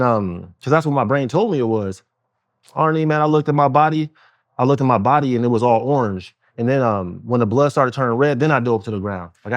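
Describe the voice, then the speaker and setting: This host has a mid-range voice and leads a relaxed conversation, recounting a personal story full of fillers while imitating other people's voices. No room sound is audible.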